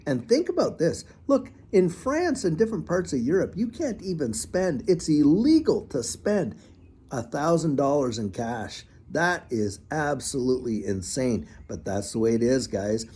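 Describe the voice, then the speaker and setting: A man hosting a finance channel, giving a folksy, animated commentary monologue and repeating phrases as he talks. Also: on the high side, unhurried, slightly rough. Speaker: crypto channel host.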